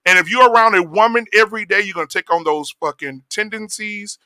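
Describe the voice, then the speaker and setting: A man hosting a casual podcast chat, talking in an animated, profane way. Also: sits high, brisk, dry recording. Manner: animated, profane, mimics voices. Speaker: podcast host.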